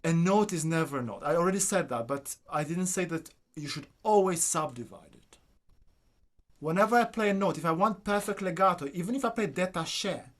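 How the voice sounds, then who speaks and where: A man's voice: high voice, lively intonation, brisk. Man coaching a violin masterclass. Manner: coaxing, sings phrases, asks "do you understand?". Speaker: violin teacher.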